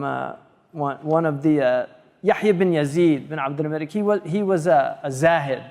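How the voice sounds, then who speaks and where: A man giving a religious lecture, reading Arabic quickly and then explaining it in English with many fillers and restarts. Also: on the high side, darkish tone, long reverb tail. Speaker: Islamic scholar lecturing.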